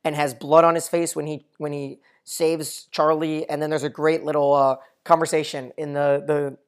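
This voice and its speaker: A man's voice: fairly high pitch, level tone, moderate pace, clear, resonant tone. Male recap podcaster, casual chat, thorough plot summaries, hesitant fillers. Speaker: podcast co-host.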